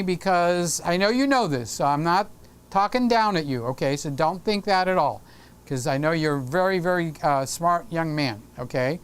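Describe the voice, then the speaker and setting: A man's voice: sits high, clear, resonant tone. A middle-aged man hosting a live stream, chatting casually and teasing viewers by name as he reads their comments. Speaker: livestream host.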